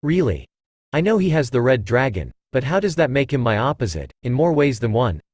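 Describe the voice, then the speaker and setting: A man voicing a calm, detached young male fighter who speaks matter-of-factly. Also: mid-range voice, fairly quick, dry recording. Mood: cool. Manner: cool, matter-of-fact.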